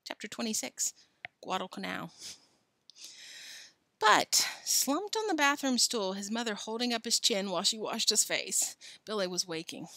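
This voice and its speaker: A woman reading a children's novel aloud in an animated, expressive way. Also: mid-range voice, normal speed, gravelly, dry recording. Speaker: reader.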